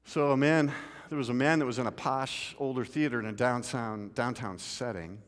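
A man preaching a sermon and telling a story, swinging from loud, urgent pleading to quiet, low asides. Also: moderate pace. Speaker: pastor. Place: church sanctuary. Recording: long hall reverb.

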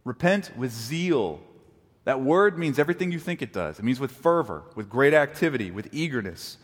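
Animated male preacher in a reverberant hall. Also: medium pitch, fast. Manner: animated preaching, acts out quoted apologies. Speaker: pastor. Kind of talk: sermon. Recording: long reverb of a large hall.

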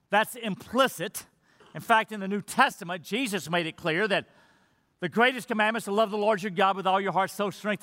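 A man's voice: sits high, pushed and bright. A man preaching a sermon to his church, reading scripture and stressing points through earnest repetition. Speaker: pastor. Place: church sanctuary. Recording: church hall reverb.

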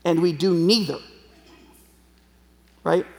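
Brief: chatty, humorous man preaching, fairly high voice with a gravelly edge, echoing hall. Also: slow. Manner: conversational, joking, uses a live chicken as a prop. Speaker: pastor. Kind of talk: sermon. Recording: long hall reverb.

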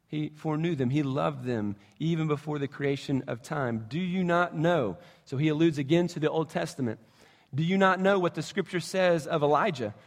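Animated pastor preaching in a hall. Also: male voice, a little high. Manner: animated storytelling, acts out quotes. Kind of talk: sermon.

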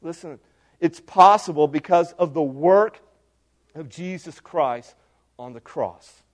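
A man pastor preaching a sermon, animated and swinging from loud emphatic lines to hushed ones. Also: on the high side, slow.

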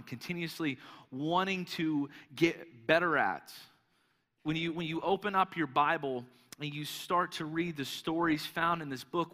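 A young male pastor preaches in a large church hall, his voice bright and ringing with a long echo trailing behind it. He tells his story animatedly, restarting phrases as he goes. His voice sits a little high for a man. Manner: animated storytelling, repeats words when starting a thought. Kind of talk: sermon.

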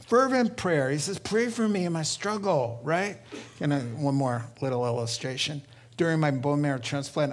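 A middle-aged pastor with a mid-range voice preaches a sermon, telling stories full of lively voiced quotes and laughter.

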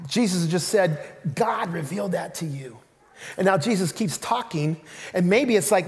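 High-voiced male pastor preaching in a hall. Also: fairly quick. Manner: animated storytelling, acting out quotes with a laugh. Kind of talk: sermon. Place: church sanctuary. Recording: reverberant church hall.

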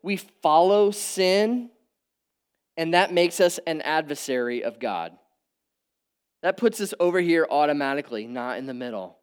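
A middle-aged man delivers a sermon in a smooth, resonant voice that sits a little high. He keeps it conversational, checking in with his listeners. He climbs to emphatic peaks and drops back to quiet, low asides. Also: lively intonation, a little slow. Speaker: pastor. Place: church hall with audience.

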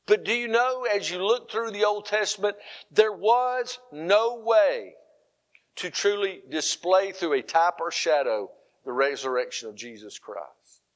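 Man, middle-aged pastor, high voice, animated storytelling sermon. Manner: animated storytelling preaching, swings between loud and soft.

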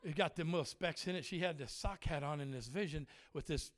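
Guy with a high voice cracking jokes from the pulpit, laughing, acting out the people in his story. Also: brisk. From Germany. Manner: jokey, animated, laughs a lot, acts out voices. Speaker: traveling preacher and worship leader. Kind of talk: humorous sermon storytelling.

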